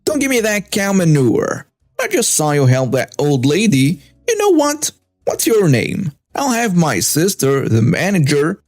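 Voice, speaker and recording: A man's voice: a little high, wildly swooping pitch, unhurried, darkish tone, no echo, studio quality, faint music behind. A man voicing an entitled, demanding middle-aged woman shopper in a narrated story. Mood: angry. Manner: indignant, demanding.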